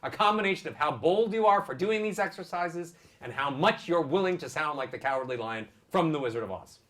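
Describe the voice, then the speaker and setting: A man's voice: fairly high pitch, expressive, a little fast, fairly bright tone. A male vocal coach leading a singing lesson, encouraging and demonstrating vibrato on sung syllables.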